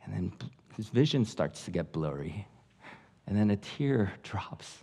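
A man as guest pastor telling a story in a sermon, animated and acting out voices, then dropping to a hush. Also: fairly low pitch, a little slow, gravelly, slightly rough. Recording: long reverb of a large hall.

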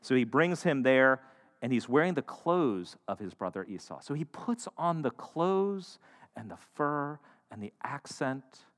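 A man giving a sermon in a large hall, telling the story with playful asides and a lively, rising-and-falling voice. His mid-range tone is clear. A long reverb trails each phrase. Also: mid-range voice, measured pace. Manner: animated, joking storyteller. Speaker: preacher. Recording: echoey hall.

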